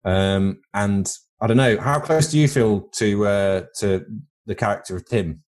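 Rambling British man, low voice. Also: a little slow, darkish tone. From Britain. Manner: rambling, crude comic tangents. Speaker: podcast co-host. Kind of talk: casual chat.

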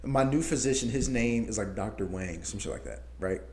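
A man telling a story in casual chat as a podcast co-host, animated and profane, often laughing. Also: on the low side, fairly quick.

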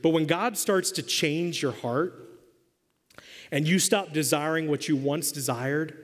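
A man's voice: fairly high pitch, a little slow. A man preaching a sermon as pastor, emphatic and quizzing his congregation in a church hall. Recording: long hall reverb.

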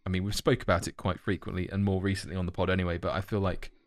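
A man's voice: low voice, flat delivery, very fast, no echo, studio quality. A man co-hosting a casual podcast chat, talking in loose, self-correcting ramble with many fillers. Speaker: podcast co-host.

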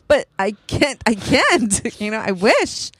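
A young woman, a mother of a toddler, chatting casually and animatedly, acting out her child's cries in high squeals. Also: very animated, slow, fairly bright tone, no echo. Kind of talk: casual chat.

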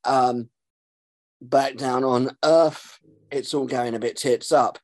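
A man, hosting a podcast and recapping an episode in a casual, sarcastic way, swearing freely and filling pauses with um. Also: mid-range voice, steady tone, darkish tone, dry recording. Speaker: podcast host.

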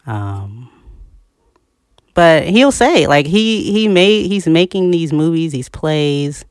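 A podcast co-host in a casual discussion, talking in an animated, emphatic way, with the pitch leaping up on key points and frequent laughter. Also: takes it slowly, clean tone, dry recording, studio quality.

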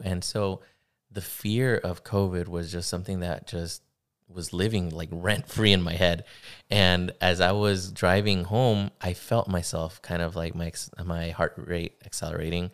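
Low-voiced young man telling a story. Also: fairly even intonation, a bit bright, smooth. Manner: halting, many fillers and restarts. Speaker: podcast guest. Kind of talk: casual conversation, personal story.

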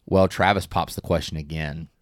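A low-voiced man chats casually through a movie's plot, pausing to act out lines in passing. The sound is close and dry, with no room around it. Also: fairly even intonation, dry recording. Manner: retells scenes, acting out quotes. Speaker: podcast co-host. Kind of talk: casual movie recap chat.

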